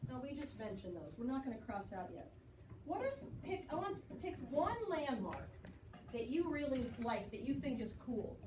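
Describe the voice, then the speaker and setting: High-voiced woman teaching a class. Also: very animated, moderate pace. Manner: encouraging, praising students often. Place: school classroom. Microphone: recorded from across the room. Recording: echoey classroom from far off with noise.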